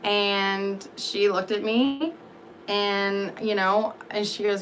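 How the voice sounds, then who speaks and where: A woman's voice: medium pitch, fairly even intonation, slow pace, slight background noise. A woman telling a long personal story in a candid, rambling, profane way, full of fillers. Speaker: vlogger. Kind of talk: casual storytelling monologue.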